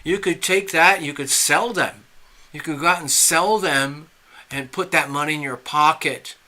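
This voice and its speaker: A man's voice: a little high, a little slow, pushed and bright. A man voicing a pushy, eager male stranger who insists in a persuading, salesman-like way, told in a casual spoken parable.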